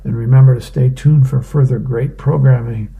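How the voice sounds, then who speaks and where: A man reading the newspaper aloud in a plain, unhurried way for a reading program. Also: mid-range voice, steady tone, gravelly, mellow.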